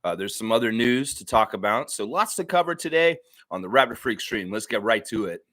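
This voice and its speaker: A man hosting a casual sports fan livestream, excitable and hyped, sometimes chewing as he talks. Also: on the low side, brisk, no echo. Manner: excitable, shouts hype bursts, chewing while talking. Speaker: livestream host.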